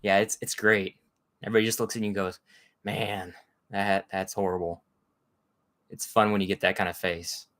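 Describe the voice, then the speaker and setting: Man with a fairly low voice, hosting a casual, rambling live chat. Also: steady tone, fast, fairly bright tone. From Texas. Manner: rambling, chatty, greets viewers by name. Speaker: livestream host.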